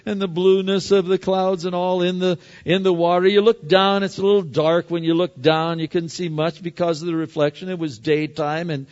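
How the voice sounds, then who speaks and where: A middle-aged man preaching a sermon as a pastor, telling stories with sudden loud and quiet turns. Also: sits high, little pitch movement, moderate pace, few pauses. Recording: long hall reverb, dull lo-fi sound.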